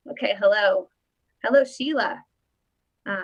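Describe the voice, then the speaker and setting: Bright-voiced chatty woman livestream host. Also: a little high, animated, moderate pace, creaky, dull audio. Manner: chatty, greets viewers by name, playful. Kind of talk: casual livestream chat.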